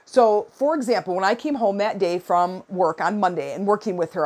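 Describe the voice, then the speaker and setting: A woman's voice: mid-range voice, normal speed. A woman in her forties giving advice in a casual, chatty talk, with lots of fillers and acted-out quotes. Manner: chatty, animated, many fillers and quoted asides.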